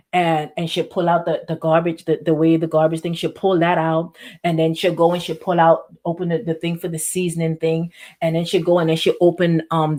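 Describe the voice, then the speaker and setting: Woman pastor, high voice, animated repetitive preaching. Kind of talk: sermon.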